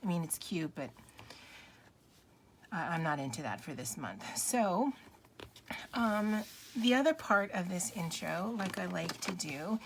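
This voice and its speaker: A woman's voice: lowish voice, animated, unhurried, long pauses, a little hiss or hum. Chatty, giggly woman vlogger. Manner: chatty, giggly, self-deprecating. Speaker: planner vlogger. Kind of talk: casual chat to camera.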